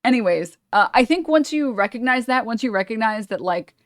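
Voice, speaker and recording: A woman's voice: fairly high pitch, lively intonation, fairly quick, no room sound, studio quality. A woman streamer giving a sarcastic, blunt commentary as she reacts to a video.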